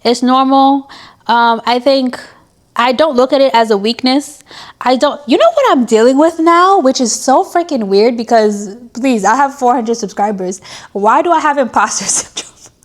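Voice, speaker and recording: A woman's voice: sits high, moderate pace. A young woman vlogger in a candid diary-style talk to camera, chatty and self-mocking as she gives an emotional pep talk.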